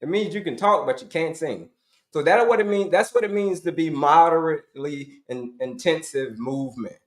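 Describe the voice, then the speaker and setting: A man's voice: on the high side, moderate pace. Emphatic middle-aged man coaching in echo. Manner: emphatic, repetitive, addresses audience as folks; asks and answers his own questions. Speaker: health coach. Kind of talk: motivational health talk.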